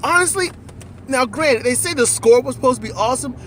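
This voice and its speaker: A man in casual, animated conversation about a movie, riffing with profanity and acting out lines while riding in a car. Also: very high-pitched, a little fast, a little hiss or hum. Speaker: co-host.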